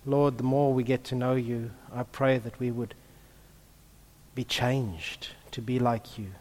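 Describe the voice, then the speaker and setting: A man in the role of pastor, praying softly and then preaching with emphasis. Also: mid-range voice, measured pace. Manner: hushed in prayer, then lively and emphatic preaching. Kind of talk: prayer and sermon. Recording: long reverb of a large hall.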